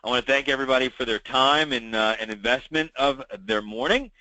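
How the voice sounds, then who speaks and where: A man with a mid-range voice hosts a weekly call for insurance agents, speaking fairly quickly in a bright, forceful tone. He works through problems conversationally, using plenty of fillers and repeating his key advice. The recording quality is low.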